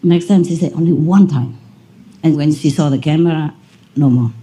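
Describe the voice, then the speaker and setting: A woman's voice: sits low, brisk, dark tone, a little hiss or hum. A woman spiritual teacher giving a conversational lecture, telling a story and laughing often. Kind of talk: lecture to an audience.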